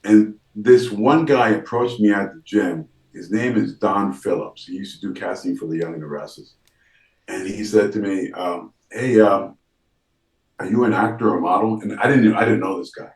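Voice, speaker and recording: A man with a low-pitched voice tells a lively story in a casual interview, playing out the lines of the people he met. His voice sits in a roomy, echoing space. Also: normal speed, far from the mic. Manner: animated storyteller, acts out quoted dialogue, frequent restarts. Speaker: actor, interview guest.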